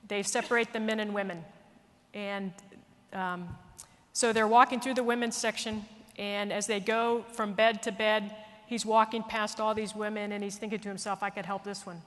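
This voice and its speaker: A woman military leader telling a story in an earnest, animated way, speaking at a conference. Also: mid-range voice, normal speed. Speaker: military leader giving a speech. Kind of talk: storytelling speech. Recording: long reverb of a large hall.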